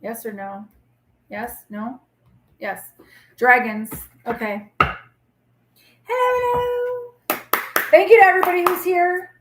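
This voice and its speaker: A woman's voice: fairly high pitch, measured pace, pauses often, roomy sound, background noise. A woman in her forties hosting a casual live tarot reading, chatty, blunt and reassuring as she talks straight to viewers.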